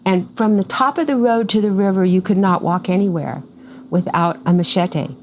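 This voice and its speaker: A woman's voice: medium pitch, normal speed, slight background noise, rough recording. An older woman, cofounder of a farm, telling a story in a casual interview and acting out the voices of the people in it. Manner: animated storyteller who acts out quoted voices.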